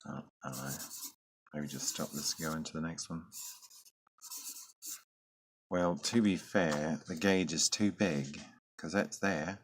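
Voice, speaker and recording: A man's voice: very deep voice, a little slow, long pauses, a little hiss or hum. A man chatting casually as he draws, rambling and musing to himself with joking, self-deprecating asides. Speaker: artist drawing on camera. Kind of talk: casual drawing commentary.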